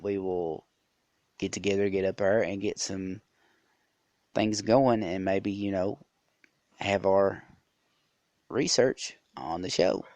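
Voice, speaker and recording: In a relaxed storytelling monologue, a low-voiced male podcast host wanders from point to point, using lots of fillers and starting over often. His voice is a little mellow and the audio has no echo.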